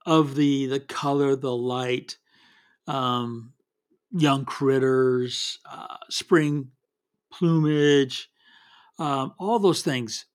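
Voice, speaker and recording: A man's voice: medium pitch, fairly even intonation, drawn-out words. A man casually teaching wildlife photography in a folksy, meandering way, often restarting his sentences. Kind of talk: casual spoken photography tips.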